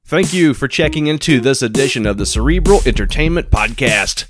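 A man's voice: mid-range voice, a little fast, over music. A man hosting a casual interview over a video call, joking and sarcastic. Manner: jokey, sarcastic, relaxed. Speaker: podcast host.

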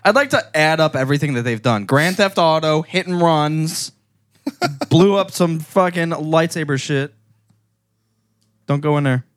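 A man joking around while reacting to a movie, playful and quick to laugh. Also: on the high side, dry recording, clean studio sound. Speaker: movie commentator. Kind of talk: casual movie reaction chat.

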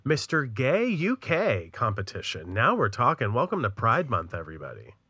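Bright, dry-voiced man hosting a podcast. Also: mid-range voice, huge pitch swings, normal speed, breathy edge, no echo. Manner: chatty, jokey, reads ad copy. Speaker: podcast co-host. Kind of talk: casual true-crime podcast chat.

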